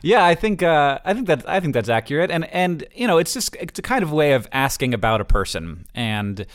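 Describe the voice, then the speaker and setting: Man from Florida, halting and animated. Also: on the high side. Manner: halting, with many restarts, animated. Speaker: podcast co-host. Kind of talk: casual chat.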